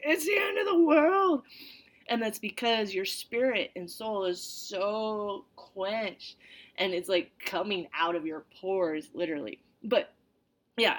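In a mid-range voice, she teaches an informal Bible study, first reading passages, then talking them over animatedly with frequent side comments.

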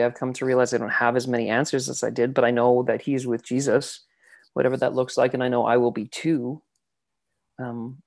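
Male guest, mid pitch, reflective and rambling with frequent fillers, casual interview. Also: creaky. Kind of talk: casual interview about faith.

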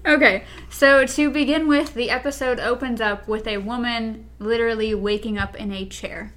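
A woman's voice: on the high side, fairly even intonation, moderate pace, fairly bright tone. A woman co-hosting a podcast in casual review chat, easygoing and often giggling. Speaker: podcast co-host.

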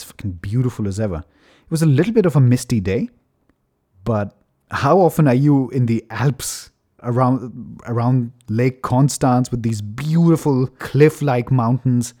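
A man's voice: mid-range voice, a little slow, husky. Laid-back man telling a story. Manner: relaxed, chatty, swears casually, laughs at himself. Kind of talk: casual anecdote.

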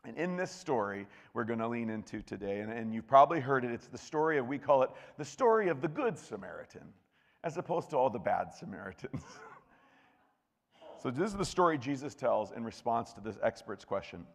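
A man's voice: medium pitch, sing-song, brisk, gravelly. A man preaching a conversational sermon as pastor, joking and chatty with frequent restarts, and reading scripture aloud. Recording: long reverb of a large hall.

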